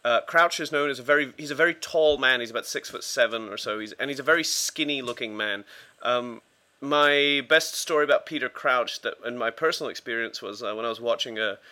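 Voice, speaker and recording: Bright-voiced man telling sports stories. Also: medium pitch, fairly quick. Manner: rambling with many fillers and restarts, acting out quotes. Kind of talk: casual storytelling.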